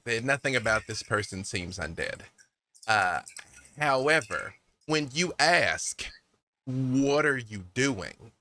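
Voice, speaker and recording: A man narrating as game master of a tabletop game, descriptive and animated, with casual fillers. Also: medium pitch.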